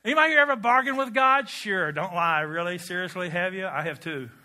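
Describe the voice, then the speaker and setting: A man preaching a sermon in a church, animated and humorous, often asking the congregation questions. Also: high-pitched, a little fast. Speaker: pastor.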